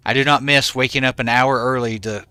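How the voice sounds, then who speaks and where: A man's voice: mid-range voice, fairly even intonation, fairly quick, bright, forceful tone, smooth, no room sound. A man in his forties, a game streamer chatting casually with his viewers and answering them by name.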